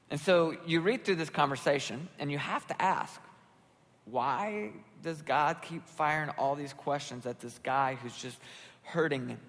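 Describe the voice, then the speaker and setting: Male pastor, middle-aged, casual animated sermon, big echoing church hall. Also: mid-range voice. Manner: conversational, animated, acts out voices in quotes. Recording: long hall reverb.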